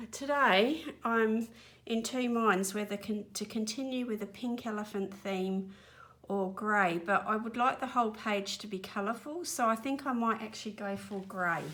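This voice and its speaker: Colouring away at home in a spare room set up as a studio, this Australian channel host talks in a medium-pitched, slightly bright voice. She's a touch breathless and rambles apologetically as she works, keeping things casual.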